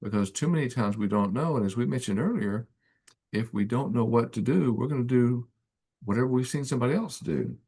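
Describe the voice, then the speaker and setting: A man's voice: medium pitch, a little fast, warm tone, slightly rough. A man hosting a conversational interview, sounding affirming and thinking aloud with small restarts. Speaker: podcast host.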